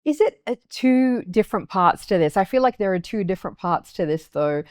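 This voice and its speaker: A woman interviewer asking long, searching questions, pausing and restarting as she forms them. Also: mid-range voice, expressive, a little mellow. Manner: hesitant, restarts while forming questions.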